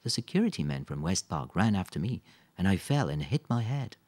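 A man's voice: low-pitched, very animated, a little fast, darkish tone. A man reading aloud, voicing a friendly, curious young girl who speaks eagerly. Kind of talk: audiobook character voice.

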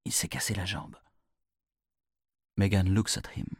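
A man narrating a storybook in a clear, measured storytelling manner. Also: low-pitched, level tone, no room sound, studio quality.

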